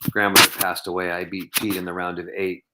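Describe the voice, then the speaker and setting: A man's voice: low voice, level tone, a little fast, heavy background noise. A man guest on a podcast interview, telling long anecdotes in an earnest, reflective way, with many "you know"s and "um"s. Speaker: podcast guest, professional bowler.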